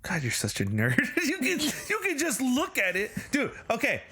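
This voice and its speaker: Young guy cohosting, bright voice swinging all over, keeps cracking up, faint hiss behind. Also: extremely high pitch, moderate pace. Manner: loud, laughing, animated storyteller. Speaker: podcast co-host. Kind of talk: casual chat.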